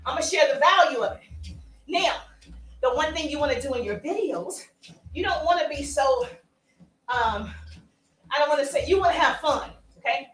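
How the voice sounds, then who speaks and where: High, lively woman coaching while walking. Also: moderate pace, pauses often, slight background noise. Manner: animated, playful and emphatic, with asides and laughs. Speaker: social media marketing coach. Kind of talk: energetic coaching talk to camera. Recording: roomy sound, voice from a distance.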